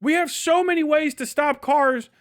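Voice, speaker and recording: A man streaming casual commentary, ranting in a profane, loud way and laughing often. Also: very high voice, moderate pace.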